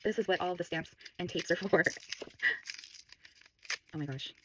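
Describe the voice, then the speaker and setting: A woman's voice: fairly low pitch, normal speed, slight background noise, poor audio. A woman talking casually while unboxing stationery, bubbly and gushing, often laughing. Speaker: stationery vlogger.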